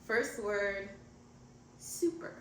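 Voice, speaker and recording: Giggly female host, bright and animated, distant from mic in a roomy space. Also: mid-range voice, drawn-out words, a little hiss or hum. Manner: giggly, explains game rules. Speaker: podcast host. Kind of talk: casual podcast chat.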